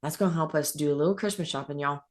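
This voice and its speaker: Woman, peppy recruiter, persuasive pitch, folksy warmth. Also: racing. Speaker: sales coach on a recruitment call. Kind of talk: sales pitch.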